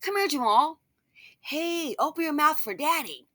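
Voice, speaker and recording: A woman puts on a comically suspicious man who doubts that a child is his own. His voice sits high above her usual talk and rings bright and crisp. He sounds loud and over the top. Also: lively intonation, measured pace, dry recording, studio quality, heavily acted.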